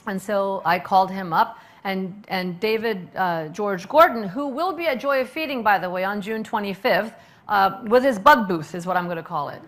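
A woman's voice: medium pitch, moderate pace. Chatty middle-aged woman telling stories. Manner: animated, chatty, with many fillers and restarts. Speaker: restaurant owner and speaker. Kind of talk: storytelling public talk.

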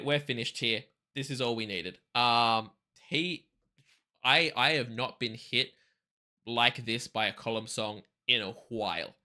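A man's voice: mid-range voice, sharp tone. A man hosting a music reaction video, gushing in exaggerated, playfully scolding casual commentary.

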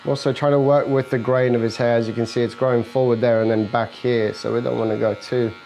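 A man's voice: mid-range voice, little pitch movement, quick pace, gravelly, dark tone, a little hiss or hum, rough recording. A man, a barber, talking through a haircut in an easy, instructive way and joking with his client. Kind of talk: narrating a haircut while working. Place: barbershop, indoors. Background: electric clippers buzzing.

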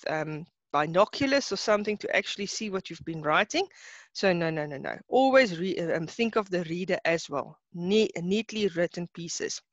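A woman's voice: on the low side, no echo, lo-fi sound. Chatty South African woman teacher. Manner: chatty, laughs often, mixes in Afrikaans words. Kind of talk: online class lesson.

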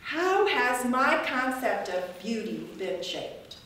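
A woman's voice: a little high, very animated, takes it slowly, fairly bright tone. A woman giving a casual, reflective gallery talk about her weaving, rambling and laughing often. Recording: echoey room from a distance, faint noise.

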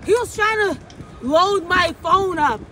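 Super high squeaky woman rambling backstage, loud and manic, shrieks a lot, noisy in the background. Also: expressive, slow. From United States. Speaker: comedian and performer.

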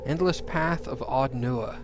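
A man's voice: mid-range voice, slow, background noise. A man streaming a fantasy role-playing game, chatting casually, laughing and gushing over cute finds. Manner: excitable, laughs often, squeals over cute things. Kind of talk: casual gameplay commentary. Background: game music.

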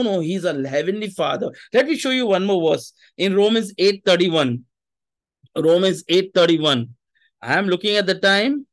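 A male pastor preaching in a relaxed, conversational way, slipping into Hindi now and then. His voice sits high for a man. The sound is dry and close, with little room echo. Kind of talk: sermon.

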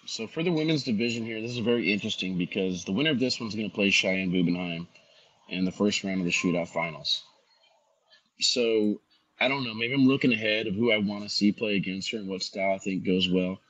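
Bright, husky man, lo-fi sound. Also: on the low side, no room sound. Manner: analytical, measured picks. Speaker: co-host. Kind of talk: sports betting talk.

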